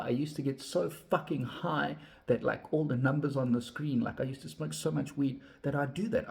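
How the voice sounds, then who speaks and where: A man's voice: creaky, mellow. A man, talking candidly to camera, swearing often and ranting with heat. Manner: swears constantly, heated and ranting; drops to low, reflective tone. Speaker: vlogger. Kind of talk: candid personal talk to camera.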